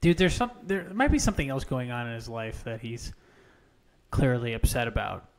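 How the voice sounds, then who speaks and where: Calm podcast co-host, dry reactions. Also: male voice, medium pitch, normal speed. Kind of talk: casual podcast chat.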